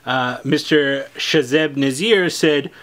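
A man with a slightly high voice hosts the giveaway part of a shop video. His delivery is upbeat and playful, like casual chat with the viewers. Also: slow, a bit bright. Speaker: host of the prize segment.

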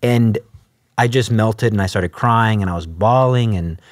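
A man's voice: on the low side, measured pace, no room sound, clean studio sound. A man telling his faith story in a conversational interview, acting out his own past dialogue. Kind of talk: conversational testimony.

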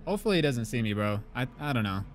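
A young man giving let's play commentary on a horror game, swearing and shouting at jump scares, his voice going hoarse from screaming. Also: medium pitch, big pitch swings, very fast, background noise. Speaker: gaming YouTuber. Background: game music.

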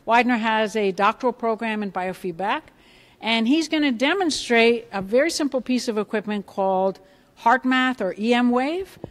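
A middle-aged woman, a biofeedback clinician, giving a lively hands-on workshop, asking the audience questions and acting out reactions. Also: a little high, normal speed. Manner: animated, asks the audience questions, acts out reactions. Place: conference room with a live audience.

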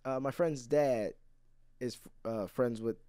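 A man's voice: mid-range voice, takes it slowly, warm tone, clear, resonant tone, no echo, clean studio sound. A man co-hosting a podcast, reacting with short interjections and asking questions in casual chat. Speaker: podcast co-host.

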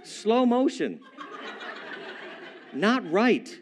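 Male preacher with a slightly high voice, playful storyteller, jokes with the congregation. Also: very slow. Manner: playful, animated, chuckling asides to the congregation. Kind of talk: humorous storytelling sermon. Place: church service with a live congregation.

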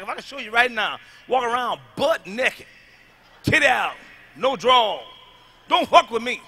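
Loud high-voiced stand-up comedian man. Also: fairly quick. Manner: loud, emphatic, profane, repetitive punchlines.

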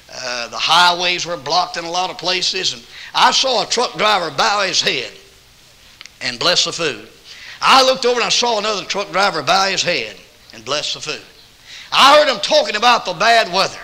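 A man with a Southern accent preaching a sermon as an evangelist, telling folksy stories and quoting people, with bursts of loud emphasis. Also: on the high side, rough recording. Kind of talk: sermon with storytelling. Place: church auditorium.

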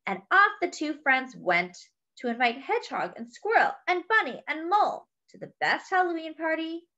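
A woman reading a picture book aloud to children, expressive and talking directly to her young listeners. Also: high voice, moderate pace, dull audio. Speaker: children's storyteller. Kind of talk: read-aloud story for children.

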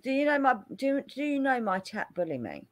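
A woman's voice: high-pitched, very animated, brisk. A woman hosting a casual stream chat, teasing and exasperated, laughing often. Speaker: streamer host.

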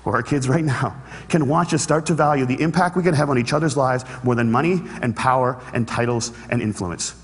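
A man giving an earnest inspirational talk on stage, telling a story with humorous asides. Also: medium pitch. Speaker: speaker. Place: large hall with an audience. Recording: reverberant hall.

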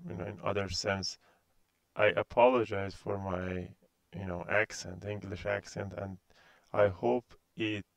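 A Persian-accented university instructor from Iran, in his thirties, records an introduction to his course. His fairly low voice is creaky yet clear and resonant, captured dry, and his speech is hesitant and packed with fillers.

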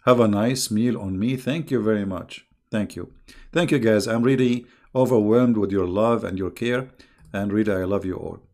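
At a normal speed, a lowish, slightly mellow male voice hosts a casual livestream of online religious debate. The middle-aged man keeps up a sarcastic, mocking tone and chuckles frequently.

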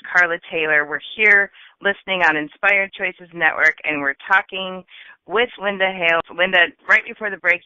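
A woman's voice: sits low, sharp tone, clear, resonant tone, no echo, highs cut off. A woman hosting a radio interview show, chatty and encouraging, laughing easily.

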